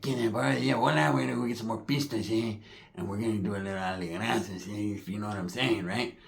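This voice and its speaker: A man voicing a wired young cousin who talks in a hushed, secretive mutter. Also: lowish voice, slow pace, gravelly, voice pushed down, exaggerated voice.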